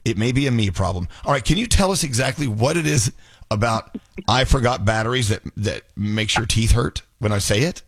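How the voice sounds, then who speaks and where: A man's voice: on the low side, a little fast, gravelly, husky, no echo. A man hosting a radio show in casual banter, joking and restarting his sentences. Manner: animated, joking, stammering restarts.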